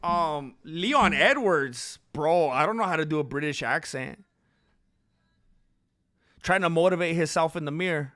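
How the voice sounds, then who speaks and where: A man with a rather high voice hosts a casual livestream. He rambles conversationally and answers his chat. The sound is dry, with no room echo. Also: expressive, unhurried, pauses often, sharp tone. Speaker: livestream host.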